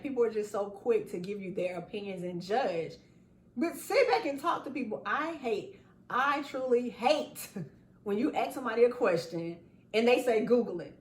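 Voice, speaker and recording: Woman host, lively chatty delivery, high-ish voice, recorded far off in an echoey room. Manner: animated, laughing, acts out quotes. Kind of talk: casual chat.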